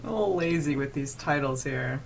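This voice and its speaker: A woman's voice: deep voice, expressive, normal speed, slight background noise. A young adult woman hosting a casual podcast chat, talking loosely and swearing freely. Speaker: podcast host.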